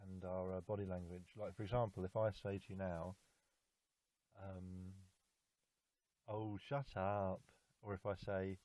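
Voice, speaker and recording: A man's voice: low-pitched, level tone, moderate pace, mellow, no echo. A young man recording a heartfelt love message to his girlfriend, earnest and repetitive, stumbling over fillers. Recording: tinny phone-like recording.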